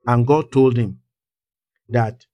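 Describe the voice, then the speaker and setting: A man preaching a fervent sermon, reading scripture in King James wording and building to a louder, higher pitch. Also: slow, no echo, lo-fi sound.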